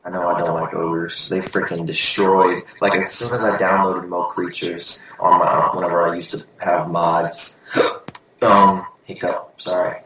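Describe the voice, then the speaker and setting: A young man with a low voice chatting about video games, rambling along with plenty of ums and restarts. His voice rings out in a very echoey room, with a faint hiss beneath it. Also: flat delivery, measured pace, sharp tone. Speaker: podcast co-host. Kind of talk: casual gaming chat.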